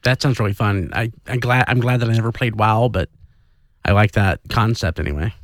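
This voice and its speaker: A man's voice: lowish voice, brisk, no room sound, studio quality. A man talking in a casual podcast chat, hesitant, with many fillers.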